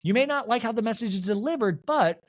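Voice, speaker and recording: A man's voice: very high-pitched, expressive, quick pace. A man hosting a solo TV recap podcast, gossipy and sarcastic as he talks through an episode. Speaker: podcast host.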